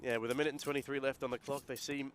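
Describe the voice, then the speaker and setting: A man doing play-by-play commentary on an esports match as caster, getting excitable on big plays. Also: very fast, slight background noise. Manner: excitable, voice jumps high and loud in big plays.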